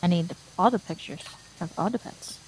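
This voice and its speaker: A woman's voice: moderate pace, slight background noise, low-quality recording. A woman chatting on a game stream, blunt and sweary about her day. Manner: blunt and sweary, lively swings in pitch. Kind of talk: casual chat.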